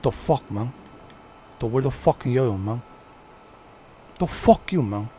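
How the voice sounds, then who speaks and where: A man's voice: medium pitch, animated, unhurried, warm tone, slight background noise, lightly acted. A man doing a swaggering gangster, Tony Montana. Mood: aggressive swagger. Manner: swaggering, cursing, aggressive. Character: hot-headed cocaine-dealing gangster man.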